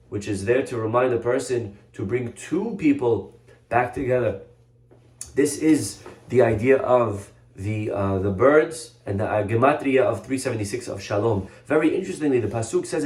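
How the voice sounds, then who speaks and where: Rabbi teaching in an echoey room. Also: male voice, medium pitch. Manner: animated storyteller with many restarts. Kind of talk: Torah lesson storytelling.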